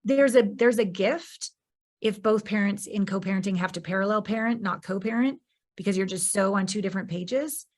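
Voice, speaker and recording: Woman host, mid pitch, affirming and frank, conversational interview delivery. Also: moderate pace. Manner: warm, encouraging and outspoken. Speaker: podcast host.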